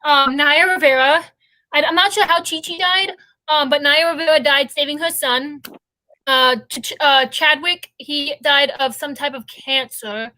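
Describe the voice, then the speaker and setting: Brief: young woman host, high bright voice, rambling casual stream chat. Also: steady tone, unhurried, poor audio. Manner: rambling, chatty, goes off on tangents.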